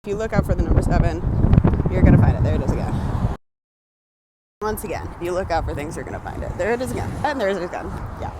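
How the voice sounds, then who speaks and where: A young woman with a lowish voice vlogs outdoors as exposure therapy, talking casually to camera on a city street and in a graveyard. Nervous, chatty, and self-aware, she leans heavily on "like" and "literally" while talking through her anxiety. Traffic and street noise fill the background.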